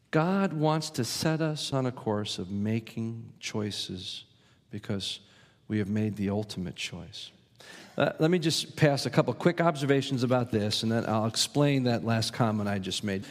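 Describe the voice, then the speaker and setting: Brief: male pastor, mid-pitched voice, emphatic sermon delivery, long hall reverb. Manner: earnest, emphatic preaching with rising stress on key words.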